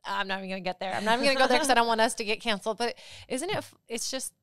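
A woman's voice: a little high, a bit bright, clear, resonant tone, no room sound, clean studio sound. A young adult woman hosting a casual podcast chat, joking and full of fillers. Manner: chatty, joking, fast filler-heavy talk. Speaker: podcast host, marketer.

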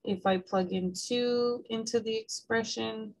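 A woman's voice: a little high, steady tone, measured pace, vocal fry, poor audio. A woman math instructor giving a recorded lecture, explaining each step patiently and checking in with "okay?", and she has the hiccups.

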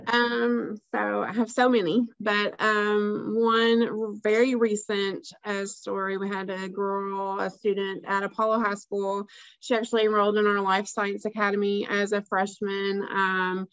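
A woman's voice: medium pitch, little pitch movement, a little slow, fairly bright tone, dry recording, highs cut off. A woman school district educator telling a student story on a webinar, emotional and hesitant with many ums. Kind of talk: webinar panel talk.

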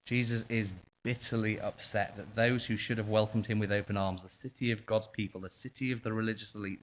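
With a fairly low pitch, this English-accented pastor delivers an impassioned church sermon that swings from quiet stretches to loud outbursts.

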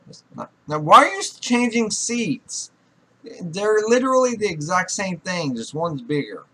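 A young man commenting on a life-sim game in a bright, lively voice that swings up and down as he scolds his characters. He swears constantly and sounds perpetually exasperated with them. His tone stays fairly high for a man. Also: normal speed, husky. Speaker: gaming YouTuber. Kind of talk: profane Let's Play commentary.

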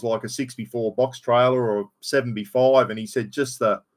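Hosting a laid-back live stream, an Australian man with a medium-pitched, fairly bright voice rambles on like a mate. He greets his viewers by name and uses blunt swearing.

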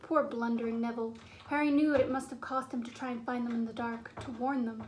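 A woman with a high voice reads a children's storybook aloud. Her narration is clear and steady. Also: fast talker, slight background noise. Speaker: audiobook reader. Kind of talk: storybook reading.

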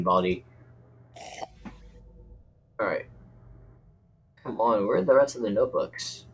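A young man giving excitable game commentary, rambling and yelping in panic. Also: on the low side, slow, pauses often. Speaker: gaming YouTuber.

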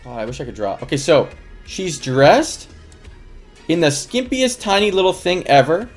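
A man with a fairly high voice tells a story to his stream chat. He rambles loosely, packing in fillers and bursts of laughter. Faint music plays quietly behind him. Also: expressive, normal speed. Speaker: livestreamer.

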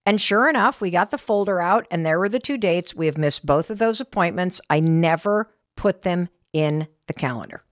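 A middle-aged American woman hosts her podcast with candid, animated storytelling. Her pitch leaps and swoops freely as she talks. The sound is dry and close, with no room echo. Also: moderate pace, hardly any pauses. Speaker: podcast host. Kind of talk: motivational podcast talk.

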